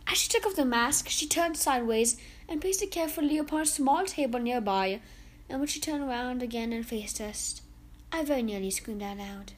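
High-voiced woman reading a story. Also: normal speed. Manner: expressive, dramatic. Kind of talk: reading a children's book aloud.

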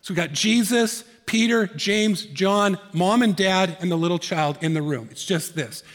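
A male pastor preaching a sermon, earnest, dropping to soft hushed tones and rising to emphatic peaks. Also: high voice, measured pace, big-room sound.

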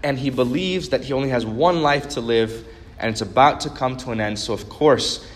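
A man's voice: mid-range voice, moderate pace. A man preaching a sermon as a pastor, telling a story earnestly and building to emphatic repeated points. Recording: long reverb of a large hall.

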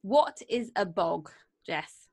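A woman's voice: mid-range voice, lively intonation, takes it slowly, gravelly, a little mellow, slightly rough. A woman with a South London accent co-hosting a casual chat, chatty and laughing. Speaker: co-host.

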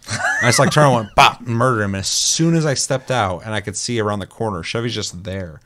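A man's voice: lowish voice, animated, brisk, fairly bright tone. A man hosting a casual chat show, telling a gaming story with laughs and swearing. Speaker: podcast host.

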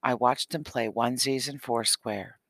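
A man reading a children's novel aloud in a steady, expressive voice. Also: mid-range voice, normal speed, gravelly, dry recording. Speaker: audiobook narrator. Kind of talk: scripted audiobook narration.

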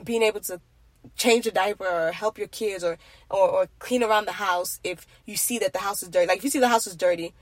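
A woman's voice: medium pitch, a little fast, no echo. A young woman from Nigeria talking in an earnest, rambling way about faith and marriage. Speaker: faith vlogger. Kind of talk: casual faith monologue.

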